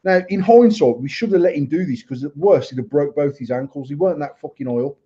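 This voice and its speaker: A man's voice: on the high side, animated, quick pace, mellow, husky. A man, co-hosting a podcast and telling a rambling family anecdote in casual, sweary chat. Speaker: podcast co-host. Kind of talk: casual storytelling. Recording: dull lo-fi audio.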